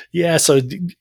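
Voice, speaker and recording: A man's voice: fairly high pitch, gravelly, breathy edge, no echo, clean studio sound. A man co-hosting a podcast, retelling an episode in casual chat with mock quotes and frequent laughter. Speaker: podcast co-host.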